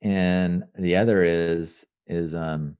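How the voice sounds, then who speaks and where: A man's voice: sits low, steady tone, takes it slowly, darkish tone, clean tone. A man in his thirties, a podcast guest, talking casually and earnestly, often restarting his sentences and repeating words. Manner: earnest and upbeat about his work. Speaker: entrepreneur guest.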